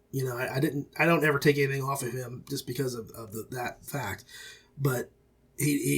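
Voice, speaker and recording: A man's voice: medium pitch, breathy edge. A middle-aged man hosting an audiobook review podcast, talking in a rambling, folksy, self-correcting way. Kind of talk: casual review monologue.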